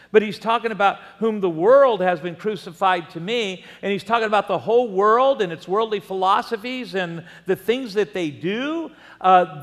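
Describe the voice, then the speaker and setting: Older male pastor, fairly high voice, lively sermon delivery, reverberant sanctuary. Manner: animated preaching with asides and laughs. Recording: long reverb of a church hall.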